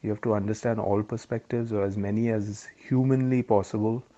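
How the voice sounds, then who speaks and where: A middle-aged man muses over drinks in a low, mellow voice with a fairly flat delivery. He drifts from thought to thought in a relaxed, reflective way. The audio is a little dull and lo-fi. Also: a little fast. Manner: reflective, digressive, warmly chatty. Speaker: podcast co-host. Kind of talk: casual chat over drinks.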